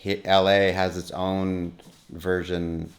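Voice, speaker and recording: A middle-aged man from Wyoming, talking as an actor guest in a relaxed, rambling interview with many restarts. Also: low voice, slow. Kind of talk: casual interview conversation.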